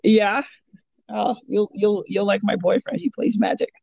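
A woman with a mid-range, gravelly, mellow, slightly rough voice speaks unhurriedly on a dry, lo-fi recording. She's a jiu-jitsu purple belt who coaches kids, chatting casually on a podcast and rambling through stories full of fillers and restarts.

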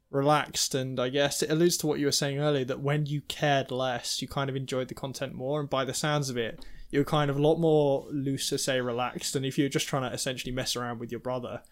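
A man interviewing a guest, friendly and hesitant, asking long questions full of fillers. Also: mid-range voice.

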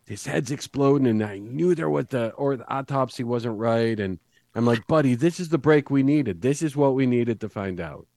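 A man playing an excitable male investigator who speaks bluntly and rambles when he gets worked up. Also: medium pitch, moderate pace, creaky, no room sound. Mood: excited. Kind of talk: improvised tabletop role-play.

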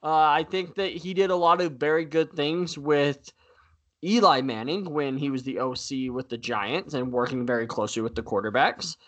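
Man, slightly higher voice, casual sports talk, animated, filler words. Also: moderate pace. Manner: animated, laughs easily, many fillers. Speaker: podcast co-host.

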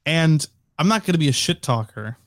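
A man's voice: on the high side, expressive, a little fast, no echo, studio quality. A young man co-hosting a podcast in casual chat, rambling with many fillers and restarts. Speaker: podcast co-host.

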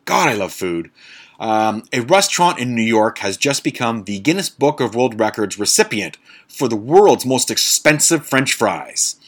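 A man's voice: mid-range voice, big pitch swings, moderate pace, a bit bright. A man hosting a casual monologue podcast, blunt and sarcastic, swearing freely and stumbling over fancy words. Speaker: podcast host.

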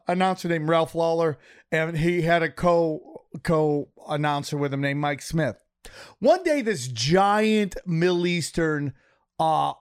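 A man, a comedian, telling animated stories in casual podcast chat, swearing and laughing often. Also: on the high side, clean tone.

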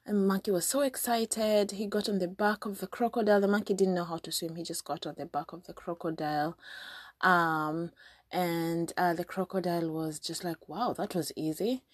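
A woman's voice: lowish voice, fairly even intonation, normal speed, no room sound, studio quality. A woman from Kenya hosting a podcast, chatty and casual as she retells a folk story with lots of fillers. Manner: chatty, frequent fillers and restarts. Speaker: podcast host.

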